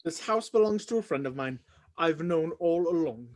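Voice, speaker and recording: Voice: medium pitch, expressive, a little mellow, close to an everyday voice. Wadsworth, a reader playing a frantic butler. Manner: hurried, breathless recap with sudden yelps. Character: frantic male butler explaining a murder. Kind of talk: live script reading.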